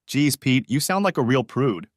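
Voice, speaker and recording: A man voicing a frank, teasing adult woman in a narrated story, with lively pitch. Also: moderate pace, dry recording, studio quality, lightly acted. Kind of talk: story narration with voiced dialogue.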